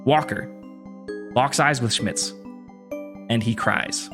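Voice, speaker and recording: A man's voice: medium pitch, slow pace, over music. A man narrating as game master of a tabletop game in a loose, laughing way, with many fillers.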